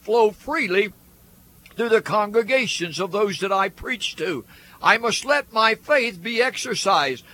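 A man's voice: high-pitched, sharp tone. A man preaching a radio sermon, earnest and building through repeated phrases. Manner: earnest, repetitive preaching cadence.

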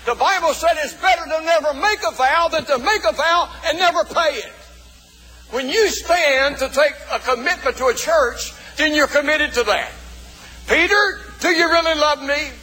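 A male pastor preaching a sermon in a folksy way, calling out to the congregation and shouting for emphasis. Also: very high-pitched. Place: church. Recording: long reverb of a church hall.

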